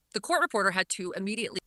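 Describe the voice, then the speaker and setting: A woman's voice: mid-range voice, lively intonation, fast talker, sharp tone, no echo. A woman commentator recapping a court hearing in an earnest, repetitive way, often restarting her sentences. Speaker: online commentator.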